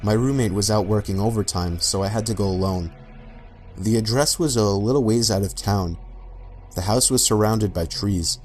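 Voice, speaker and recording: Male narrator, deeper side, calm and matter-of-fact horror storytelling over faint music. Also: moderate pace. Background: faint background music.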